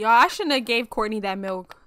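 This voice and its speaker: Playing a life-sim game, the young gaming channel host chats away playfully, using slang and laughing a lot in an animated let's-play. She speaks at a moderate pace in a voice on the high side, with a clean tone and no room sound.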